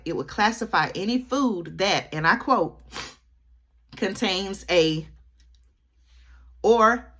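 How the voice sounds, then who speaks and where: Chatty woman with a low voice. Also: fairly bright tone. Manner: chatty, keeps addressing viewers with "y'all" and "okay?". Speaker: vlogger. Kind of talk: commentary to camera.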